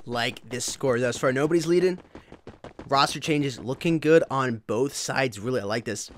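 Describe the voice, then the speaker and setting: A man's voice: medium pitch, a bit bright, a little hiss or hum. A man co-casting a mobile shooter match, calling plays and explaining strategy. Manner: analytical, rapid play calling. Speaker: esports co-commentator. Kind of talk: live play-by-play commentary.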